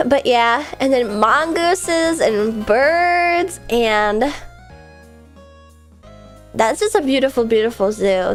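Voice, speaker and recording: A young woman talks through a relaxed stream in a fairly high voice. She rambles from story to story and reads chat messages aloud before answering them. Soft music plays quietly behind her. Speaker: VTuber streamer.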